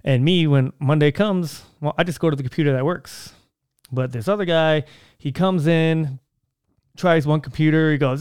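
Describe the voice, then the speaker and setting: A man's voice: mid-range voice, fairly quick, darkish tone, smooth, no room sound, studio quality. A young man talking casually on his own podcast, rambling with lots of fillers and restarts. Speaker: podcast host. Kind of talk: casual solo podcast monologue.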